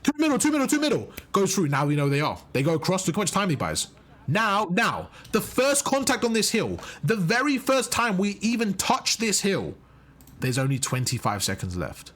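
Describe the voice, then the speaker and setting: Husky, lively gaming coach. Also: male voice, sits high, normal speed. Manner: emphatic, keeps checking in with "right?" and "okay?". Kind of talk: breaking down match footage.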